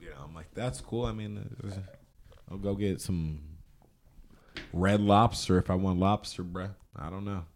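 A man's voice: low voice, steady tone, moderate pace, a little hiss or hum. A man joining a casual podcast chat, laid-back and slangy, getting emphatic about his opinions.

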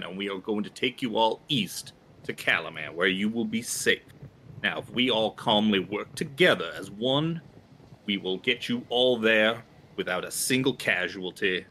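A man playing a grandiose male author giving a formal speech to calm a crowd in a tabletop game. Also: on the low side, breathy edge, heavily acted.

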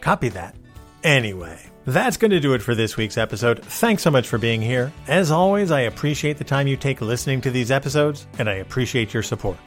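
A man's voice: mid-range voice, expressive, fairly quick, few pauses, soft background music. A man hosting a casual solo podcast, talking in a wry, exasperated way. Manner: wry, exasperated complaining about movie cliches. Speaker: podcast host.

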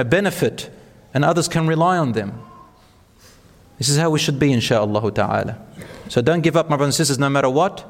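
A man's voice: mid-range voice, in a large hall. A man giving an earnest, encouraging religious talk, telling stories to an audience. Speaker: speaker at a talk.

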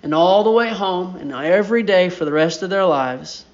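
A man preaching a sermon as pastor, deliberate, building to emphatic peaks. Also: sits high, dull audio.

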